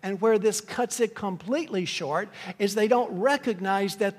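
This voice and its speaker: A man delivers an earnest teaching sermon. He often restarts his phrases as he works through the verses. His voice sits slightly high and carries a long, echoing reverb, as if heard in a church hall. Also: moderate pace, hardly any pauses. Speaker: pastor. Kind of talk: expository sermon.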